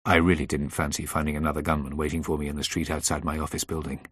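A man reads a first-person audiobook in a measured, steady way, with a tense edge. His voice is deep and low. The recording is dry and close, with no room echo. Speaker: audiobook narrator. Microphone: close dry studio mic.

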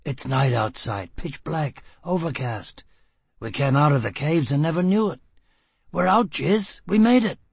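A man voicing a tough, blunt, determined man who talks in gruff, clipped bursts. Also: mid-range voice, expressive, moderate pace, no echo. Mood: excited. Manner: gruff, clipped and rough-spoken.

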